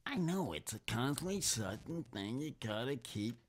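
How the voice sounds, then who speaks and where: A tired man hosting a casual live-stream podcast, halting and trailing off in loose banter. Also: mid-range voice, very animated. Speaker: podcast host.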